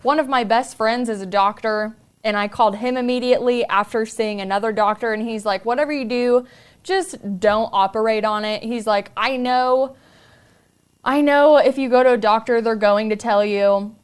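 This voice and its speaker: A woman's voice: a little high, fairly even intonation, moderate pace, clean tone. A woman podcast host telling a personal story in an earnest, confiding way.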